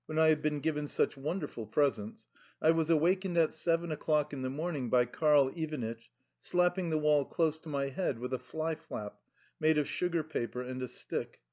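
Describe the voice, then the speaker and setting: A man reading an audiobook in a slow, measured narration, in a dull lo-fi recording. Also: on the high side, darkish tone.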